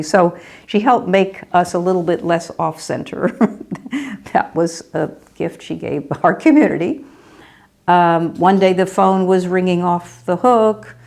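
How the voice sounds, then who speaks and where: Brief: older woman storyteller, low gravelly voice, rambling anecdotes. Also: normal speed, a little mellow. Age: 60s or older. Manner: rambling and anecdotal with small laughs. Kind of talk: reminiscing oral history.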